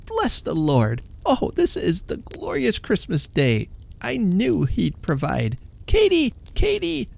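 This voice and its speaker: A man voicing a poor, kind-hearted old washerwoman, speaking high and soft. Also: takes it slowly, vocal fry, full character voice. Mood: overjoyed. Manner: high, soft, breathless excitement.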